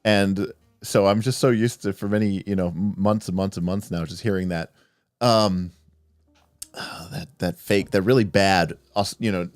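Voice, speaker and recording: A man with a lowish voice hosts a casual livestream, rambling through viewer questions with plenty of fillers, restarts and chuckles. His voice sounds dry and close, with faint music underneath. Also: dry recording. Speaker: livestream host.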